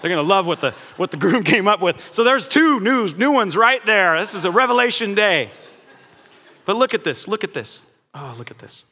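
A man preaching as a pastor in a church, lively and conversational, laughing now and then. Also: high-pitched, normal speed. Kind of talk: sermon. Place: church sanctuary. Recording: long church hall reverb.

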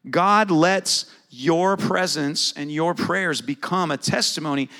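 Conversational pastor, fairly high voice. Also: male voice, a bit bright. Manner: conversational, asks the congregation questions. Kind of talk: sermon.

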